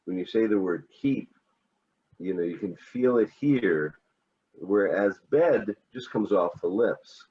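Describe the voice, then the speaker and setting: Man, American accent, very deep voice, casual teaching chat, hesitant with fillers, dull lo-fi sound. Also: slow pace, breathy edge. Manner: relaxed, hesitant, many fillers. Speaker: English teacher.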